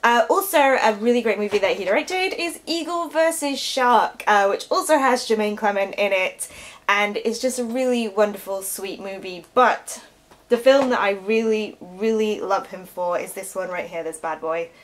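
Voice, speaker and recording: A woman's voice: mid-range voice, normal speed. A woman hosting a film review vlog, gushing and enthusiastic as she talks.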